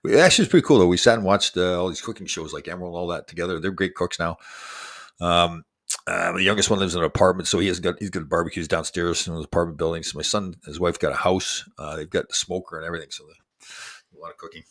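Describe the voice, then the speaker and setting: A man in his sixties talks with viewers in a casual livestream, his voice sitting very low. He rambles from story to story and cracks self-deprecating jokes. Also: quick pace, fairly bright tone. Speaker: show host.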